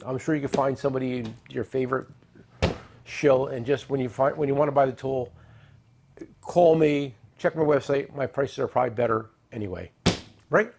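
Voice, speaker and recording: A middle-aged man hosting a tool show, chatting casually and joking as he pitches products and tells stories. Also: moderate pace, creaky, background noise. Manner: joking, rambling, salesy with asides. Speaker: tool dealer and show host. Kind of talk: casual product talk and storytelling.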